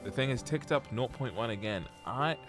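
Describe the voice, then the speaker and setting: Animated, joking male streamer. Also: mid-range voice, moderate pace, loud music behind the voice. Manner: joking, rambling, reads chat aloud. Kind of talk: casual live-stream chat. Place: at home.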